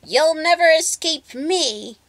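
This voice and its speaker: A woman voicing a cruel old witch who shrieks in a high-pitched, furious voice. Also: big pitch swings, a little slow, bright, forceful tone, dry recording, exaggerated voice.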